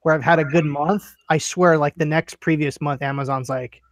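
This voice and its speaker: A man's voice: a little high, fairly even intonation, moderate pace, dry recording. A man co-hosting a casual chat, making wry, dry jokes. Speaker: podcast co-host.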